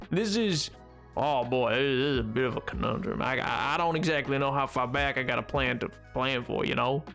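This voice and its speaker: An excitable young man talks casually through a game stream, reading chat aloud and breaking into laughs. His voice sits high and swings wildly in pitch. Faint music plays underneath.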